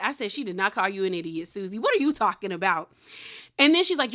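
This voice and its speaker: Woman dishing on a reality show, bright sharp voice, kinda high, acts out everybody's lines. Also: fairly quick. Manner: animated retelling, acting out quotes. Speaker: reality TV recap host. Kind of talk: casual recap commentary.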